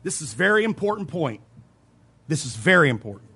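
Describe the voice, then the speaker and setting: A pastor preaching a sermon, earnest and emphatic, repeating key points, with quiet asides between louder stresses. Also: male voice, a little high, sing-song, fairly quick, breathy edge. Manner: earnest preaching, emphatic repetition, occasional soft laughs.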